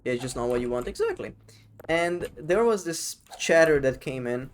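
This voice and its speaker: A man's voice: medium pitch, moderate pace, a little hiss or hum. A man live-streaming a game, chatting casually with his chat, rambling and swearing freely.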